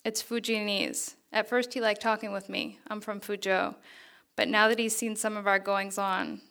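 A woman reading aloud the lines of a quiet, friendly young male photographer from her fiction. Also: mid-range voice, level tone, normal speed, creaky. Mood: quietly friendly.

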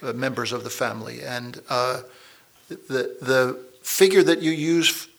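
A man's voice: mid-range voice, a little slow, gravelly. A man interviewing a guest, asking questions with hesitant, repeated starts.

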